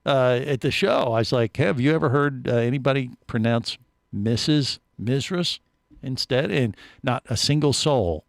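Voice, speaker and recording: A man hosting a radio show and telling a long story in a studio, voice at an average pitch and very dry, close to the mic. He trips over his words and restarts often, keeping the talk casual and lively. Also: moderate pace, gravelly, no room sound. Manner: animated storyteller, many restarts.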